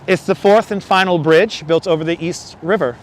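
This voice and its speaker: A chatty man with a fairly high voice hosts a live walking stream across a windy city bridge. He jokes along and reads viewer comments aloud into a clip-on lapel mic. Faint traffic and subway rumble sit behind him. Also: steady tone, moderate pace. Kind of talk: casual live-stream chat. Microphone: wireless lapel mic. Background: city traffic and passing subway trains.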